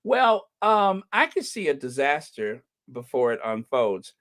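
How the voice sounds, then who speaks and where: A man hosting a casual livestream, chatting about news in a sarcastic, gossipy, animated way and laughing often. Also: medium pitch, unhurried. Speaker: livestream host.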